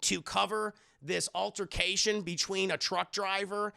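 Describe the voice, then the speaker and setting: A man streaming a casual live review, retelling scenes in an animated, profane way and doing the characters' voices. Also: sits high, a little slow, vocal fry.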